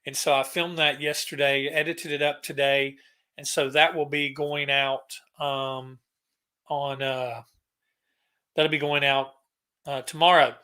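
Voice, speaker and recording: A man's voice: on the high side, little pitch movement, a little slow, bright, forceful tone, clear, resonant tone. A man hosting a casual live stream, rambling and greeting viewers by name as he talks. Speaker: livestream host.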